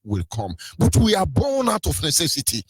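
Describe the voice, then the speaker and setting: A man with a Nigerian accent delivers a fiery radio monologue, hammering rhetorical questions and slipping into mocking sarcasm. His voice sits fairly high and sounds husky, and it is recorded close and dry with no room around it. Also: huge pitch swings, moderate pace, dry recording. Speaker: radio commentator. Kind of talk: impassioned political monologue.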